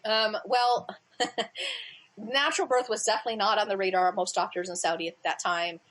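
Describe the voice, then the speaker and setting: A middle-aged woman, a birth educator and interview guest, telling lively stories and acting out quotes. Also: brisk, poor audio. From United States. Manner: lively storyteller, acts out quotes in a higher voice. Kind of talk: animated storytelling in conversation.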